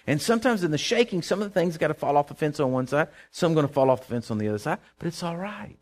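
A man preaching a sermon, animated and storytelling, breaking into sudden loud outbursts. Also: a little high, fast talker, hardly any pauses.

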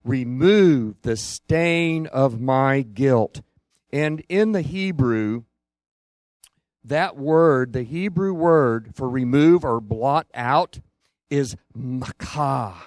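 A man preaching a sermon as a pastor, earnest, with long pauses and hushed emphasis. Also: mid-range voice, no room sound, studio quality.

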